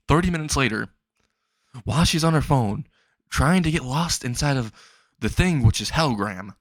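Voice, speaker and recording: A man rambles through an improvised fan-fiction story, excitable and quick to swear. His voice sits at a middle pitch. The sound is dry and close, with no room around it. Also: dry recording.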